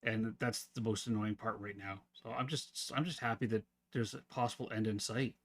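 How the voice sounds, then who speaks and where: A man streaming live, talking casually and at length with his viewers in a relaxed, rambling way. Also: fairly low pitch, moderate pace.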